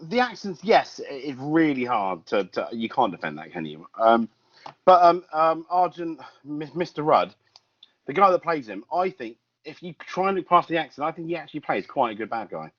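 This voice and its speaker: A man on a film podcast talks hesitantly and stammers a lot. His slightly high voice moves up and down in a lively way, and the recording is a little muffled. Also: normal speed. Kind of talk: casual film review chat.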